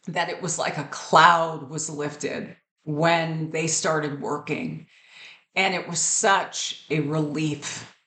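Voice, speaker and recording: A woman's voice: fairly low pitch, fairly bright tone, roomy sound. A woman in her fifties talking candidly and earnestly to camera in a personal vlog. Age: 50s. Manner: candid, earnest, with fillers and repeats. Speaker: vlogger.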